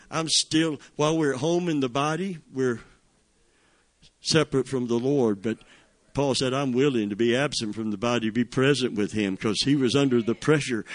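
A middle-aged man preaching a sermon, reading scripture with drawn-out emphasis and rising fervor. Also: mid-range voice. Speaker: pastor.

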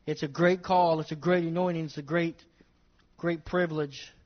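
A high-voiced man preaches to his congregation. He leans hard on his phrases, repeating them and calling out to the people in front of him. The recording is dull and lo-fi, with the top end rolled off. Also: steady tone, normal speed. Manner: emphatic, repeats phrases, addresses congregation directly. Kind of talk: sermon. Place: church service with congregation.

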